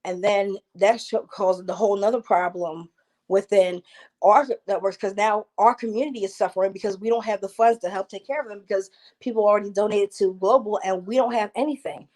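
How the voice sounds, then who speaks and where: A woman's voice: mid-range voice, fairly even intonation, brisk, a little mellow. A woman from New Jersey, an activist guest speaking with passion and frequent restarts in a panel discussion over a video call.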